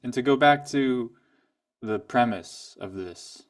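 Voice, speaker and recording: A man giving a piano lesson, calmly explaining and then playing examples at the keyboard. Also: medium pitch, slow, no echo, studio quality. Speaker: piano teacher. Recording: voice from a distance, piano loud alongside.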